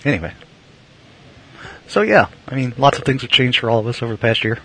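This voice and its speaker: Host type, man with a raspy edge, loose and chatty with dry humor. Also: mid-range voice, very animated, fairly quick, fairly bright tone, low-quality recording. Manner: rambling, filler-heavy, wry jokes. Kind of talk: casual chat.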